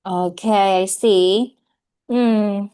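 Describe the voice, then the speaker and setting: Woman teacher, slow patient feedback on a video call, keeps asking okay. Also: mid-range voice, steady tone, warm tone, smooth. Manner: patient, corrective, repeats "okay?" often. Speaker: English speaking tutor. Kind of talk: feedback in an online speaking lesson.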